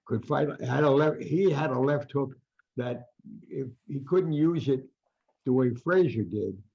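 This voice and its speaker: An older man with a New Jersey accent rambles through anecdote after anecdote and acts out what people said. His voice is gravelly and husky. The audio is dull and lo-fi. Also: medium pitch, a little slow, warm tone. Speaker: guest boxing writer. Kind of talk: storytelling interview.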